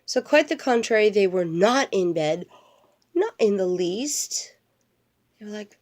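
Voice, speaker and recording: A woman's voice: mid-range voice, animated, measured pace. An older woman, a grandmother, reading a storybook aloud to her grandchild and wandering into playful, chatty asides. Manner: playful, digressive, talks straight to a grandchild.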